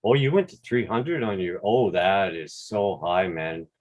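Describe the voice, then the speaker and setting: A man with a Quebec accent, hosting a relaxed, rambling livestream chat over a video call with some mild swearing. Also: deep voice, a little slow. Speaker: drone channel host.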